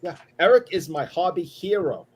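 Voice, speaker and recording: A man guesting on a hobby livestream, reading comments aloud in a sheepish, halting way. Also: high voice, lively intonation, a little mellow, breathy edge. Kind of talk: casual hobby chat.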